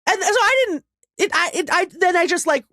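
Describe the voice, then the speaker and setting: A woman's voice: very high-pitched, animated, a little fast, bright, forceful tone, no echo, clean studio sound. A woman co-hosting a casual podcast, talking in a rambling, self-deprecating way and often laughing. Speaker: podcast co-host. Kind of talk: casual chat.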